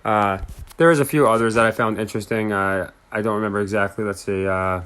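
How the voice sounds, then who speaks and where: Low-pitched male host, casual, skeptical, mocking; recorded commentary over clips. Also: steady tone, fast talker, fairly bright tone, clear, resonant tone. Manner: skeptical, mocking, repeats words. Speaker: sports betting commentator.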